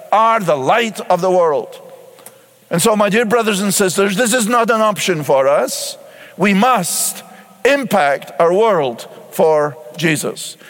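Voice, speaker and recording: A man's voice: high-pitched, fairly bright tone, in a large hall. A man pastor preaching a sermon emphatically, repeating key words and asking rhetorical questions.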